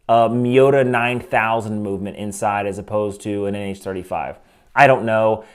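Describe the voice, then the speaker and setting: A man's voice: lowish voice, darkish tone, smooth. Male host of a watch review channel, casual and opinionated, speaks into a desk microphone. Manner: opinionated, conversational, frequent asides.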